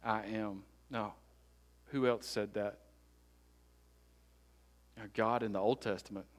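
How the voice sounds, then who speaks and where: A pastor, preaching a sermon. He builds repeated phrases up to loud peaks and then drops to quiet, slowed-down emphasis. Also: on the low side, steady tone.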